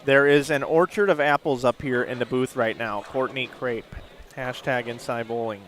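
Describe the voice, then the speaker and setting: A man's voice: medium pitch, fairly even intonation, moderate pace, a bit bright, slight background noise. A man doing live bowling play-by-play from a booth, chatty and prone to rambling anecdotes. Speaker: lead bowling commentator. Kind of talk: live sports commentary. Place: commentary booth at a bowling center.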